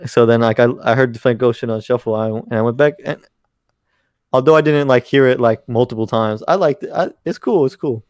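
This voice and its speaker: A man of middle pitch chatting on a podcast in a halting, slangy way, restarting his sentences often. The recording is close and dry. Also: a little mellow, no echo. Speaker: podcast co-host. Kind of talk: casual chat.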